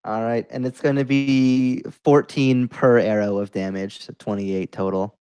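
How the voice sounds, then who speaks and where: A man playing a tabletop game, calmly calling out rolls and damage. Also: medium pitch, a little slow, clear, resonant tone. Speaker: player. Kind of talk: tabletop play and dice calls.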